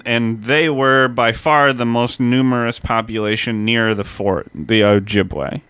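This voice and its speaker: A man co-hosting a casual history podcast, laying out events step by step like a storyteller. His voice is bright and crisp, with a dry, close sound. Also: medium pitch, steady tone, a little slow, no echo. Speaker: podcast co-host.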